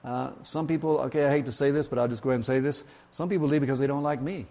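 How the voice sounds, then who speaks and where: A man preaching in church races along in a mellow, medium-pitched voice. As part of the sermon he shares an old joke, poking fun at himself in a folksy way and using many fillers.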